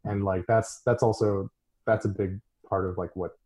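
A man co-hosting a podcast in casual chat, animated and laughing often, full of fillers. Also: fairly low pitch, moderate pace. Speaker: podcast co-host.

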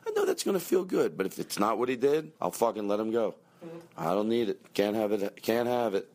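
A man hosting a comedy podcast, rambling and self-pitying, swinging into shouted rants. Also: fairly low pitch, very animated, fairly quick. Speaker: podcast host.

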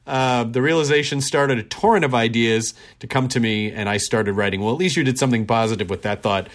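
A male podcast host talks through his show in a loose, joking way, padding his sentences with filler words and wry asides about himself. His voice sits at an ordinary middle pitch. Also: brisk. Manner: chatty and jokey, frequent filler words, loose self-deprecating asides. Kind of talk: casual podcast monologue with listener mail and ad read.

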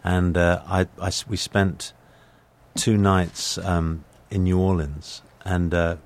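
A man's voice: low voice, little pitch movement, slow pace. An older British man telling rambling anecdotes as a guest in a casual interview, with many restarts. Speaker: guest actor. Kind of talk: conversational interview storytelling.

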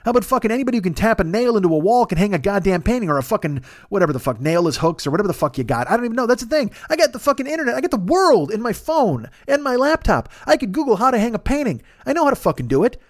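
A man rambles through a comic monologue, swearing freely and poking fun at himself. His voice sits high and jumps around a lot as he talks at a fast clip. The sound is close and dry, like a podcast studio. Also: very animated, dry recording. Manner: profane, rambling, self-deprecating. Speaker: podcast host. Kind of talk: comedic monologue.

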